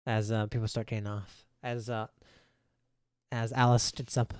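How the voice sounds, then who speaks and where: A man's voice: fairly low pitch, flat delivery, normal speed, clean tone, no room sound, clean studio sound. A man running a tabletop game as game master, narrating and explaining in a casual, rambling way.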